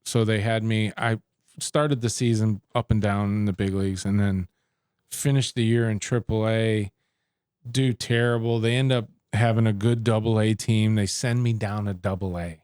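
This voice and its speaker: A middle-aged man with a low, mellow voice tells stories from his playing days, slipping into the voices of the people he quotes. The recording is dry and close. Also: moderate pace, smooth, dry recording. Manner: animated storyteller who acts out quoted exchanges. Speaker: interview guest, former baseball pitcher. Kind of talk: casual storytelling interview.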